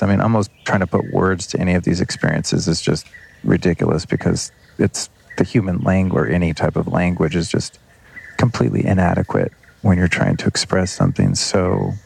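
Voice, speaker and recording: A podcast host speaks alone in a loose, earnest, rambling way and drops the odd swear word. His voice sits very low, with a gravelly fry and a husky edge. He talks like he is thinking out loud. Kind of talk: unscripted reflective monologue.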